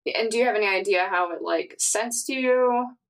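A woman's voice: medium pitch, moderate pace, creaky, low-quality recording. A woman playing in a tabletop game, casual and chatty, thinking aloud about plans. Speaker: player.

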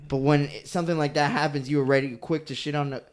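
A man co-hosting a casual podcast chat, swearing freely and talking with animated energy. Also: a little high, quick pace. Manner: profane, animated, mock British voice at times. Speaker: podcast co-host.

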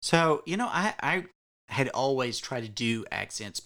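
A man's voice: medium pitch, expressive, measured pace, pushed and bright. A man co-hosting a casual podcast about role-playing games, adding wry, agreeable asides. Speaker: podcast co-host.

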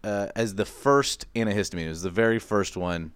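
A man with a fairly low voice co-hosts a podcast in a relaxed, playful way. He teases his partner and drifts into loose explanations. The recording is dry and close. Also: a little fast, smooth, no room sound. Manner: teasing, playful. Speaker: podcast co-host. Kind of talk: casual comedic chat.

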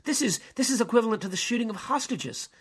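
A man's voice: extremely high pitch, lively intonation, quick pace, husky, voice pushed up, heavily acted. A man acting out an older male bishop who is indignant and pleading, declaiming with rising passion.

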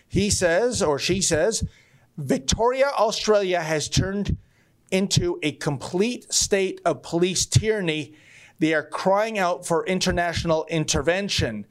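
Guy hosting a live stream, reads chats, jokey and wry, kinda higher voice. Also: lively intonation, takes it slowly. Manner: wry, joking, theatrical emphasis. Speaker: show host reading viewer chats. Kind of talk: casual live-stream talk.

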